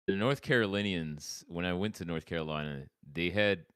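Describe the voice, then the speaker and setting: Deep dry-witted man from Texas. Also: moderate pace, fairly bright tone, clear, resonant tone, dry recording. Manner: dry, teasing. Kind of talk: casual chat.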